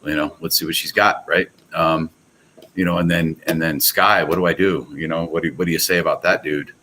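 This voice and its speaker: A man's voice: very deep voice, fairly even intonation, fairly quick, bright, forceful tone, a little hiss or hum, rough recording. A man talking as a guest on a casual podcast, rambling and enthusiastic with many restarts. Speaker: guest, pool products company owner.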